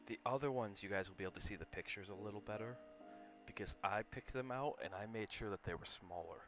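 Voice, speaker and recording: Low-voiced man chatting on a stream. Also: fast, muffled recording, over music. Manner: coaxing, chatty, talks to his dog and to viewers. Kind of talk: casual live-stream chat and reading aloud.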